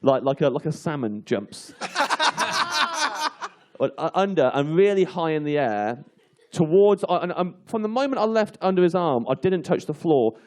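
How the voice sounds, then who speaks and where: A male comedian telling an animated anecdote to a live audience on a comedy panel show, laughing through it. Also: a little high, normal speed. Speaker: comedian guest.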